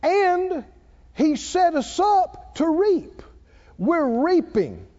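Speaking very slowly in a very high-pitched voice, an older man preaches a sermon on a muffled recording. He tells his stories with animation, laughs a lot, and repeatedly calls out for the congregation's responses.

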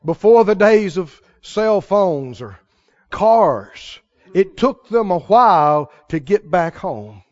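A man's voice: high voice, very animated, slow pace, highs cut off. A male preacher delivering a fervent sermon, calling out to the congregation and stressing his points.

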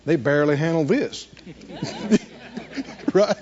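A man's voice: fairly high pitch, big pitch swings, slow, long pauses, darkish tone, husky, highs cut off. A man preaching a sermon, reading scripture and asking the congregation questions to answer back. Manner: call-and-response preaching, rhetorical questions, reading scripture aloud. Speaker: pastor.

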